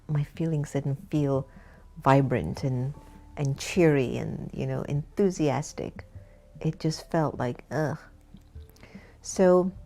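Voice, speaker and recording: A woman's voice: low-pitched, dark tone. A woman spiritual teacher telling a personal story in a reflective talk, often turning to her listeners as everyone.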